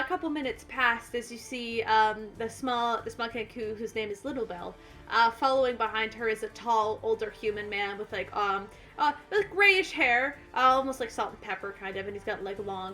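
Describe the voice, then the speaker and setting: Bright, bubbly woman game master. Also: fairly high pitch, normal speed, soft background music. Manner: chatty, laughing, many restarts. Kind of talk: narrating a tabletop game.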